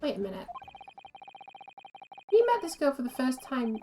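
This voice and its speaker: A woman's voice: high-pitched, big pitch swings, moderate pace, warm tone. A woman chatting casually as she plays and comments on a game, laughing at herself, with faint music behind. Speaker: streamer.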